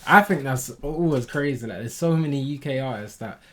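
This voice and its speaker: Animated British guy reacting. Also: brisk. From United Kingdom. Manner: animated, slangy, jumps between loud outbursts and low asides. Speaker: reaction video host. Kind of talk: casual reaction commentary.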